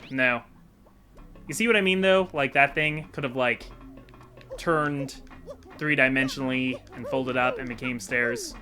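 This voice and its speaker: A man giving rambling, casual commentary while playing a video game, chatty and self-deprecating. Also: medium pitch. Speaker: video game let's-play host.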